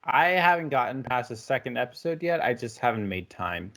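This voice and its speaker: A man's voice: medium pitch, sing-song, a little fast, a bit bright. A man co-hosting a podcast on a call, chatting casually about his week and shows, with sarcastic asides. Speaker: podcast co-host. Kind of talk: casual chat. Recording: voice call between two hosts.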